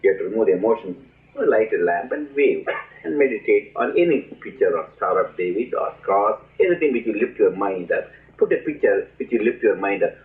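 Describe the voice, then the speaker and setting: A man teaching as a spiritual leader, telling stories in an animated way, acting out voices and laughing often, on a tinny lo-fi archive recording. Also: on the low side, brisk. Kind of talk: spiritual talk with storytelling.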